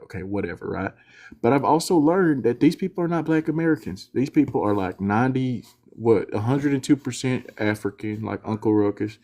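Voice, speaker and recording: A man delivers a blunt, sarcastic rant on a live audio panel, brushing off others' claims. His voice is mellow and dark in tone. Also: mid-range voice. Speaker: panel commentator.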